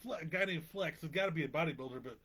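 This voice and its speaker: Husky man joking through a quiz. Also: a little high, racing, fairly bright tone. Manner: playful, self-deprecating, thinks aloud. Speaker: podcast co-host, quiz contestant. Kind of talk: casual banter.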